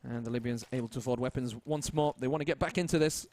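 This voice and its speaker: A man's voice: mid-range voice, a little mellow. Man casting a shooter game match. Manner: fast, joking play-by-play. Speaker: esports caster. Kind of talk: live play-by-play commentary.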